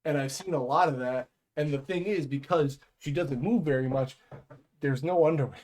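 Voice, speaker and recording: A slightly higher-voiced man on a headset tells long, rambling work stories in casual podcast chat. He swears a lot, trails off and keeps losing his place, then jumps back in. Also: normal speed, a little mellow. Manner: rambling, profane, loses his train of thought. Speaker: podcast co-host.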